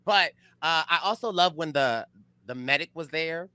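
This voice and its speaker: Bright, expressive man co-host. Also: normal speed, clear, resonant tone, no room sound, studio quality. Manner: expressive, laughs often, big pitch jumps. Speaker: podcast co-host. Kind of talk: casual recap chat.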